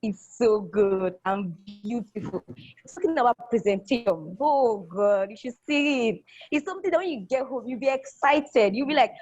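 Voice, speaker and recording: A woman's voice: a little high, lively intonation, normal speed, darkish tone, dry recording. A young woman, a college student speaking in an enthusiastic, casual testimonial that repeats phrases for emphasis. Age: young adult. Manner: enthusiastic, repeats phrases, acts out quoted people. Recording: dull lo-fi dry recording.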